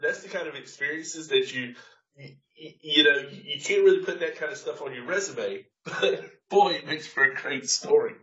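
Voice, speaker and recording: A man's voice: fairly high pitch, moderate pace, pushed and bright, recorded from a distance, highs cut off. A man hosting a casual chat, laughing easily and restarting his sentences as he responds.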